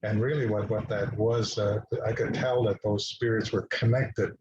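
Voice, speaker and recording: Low-voiced man telling a halting story. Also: level tone, background noise. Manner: halting, many restarts and fillers. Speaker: guest speaker. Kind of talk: personal storytelling talk. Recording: dull lo-fi recording.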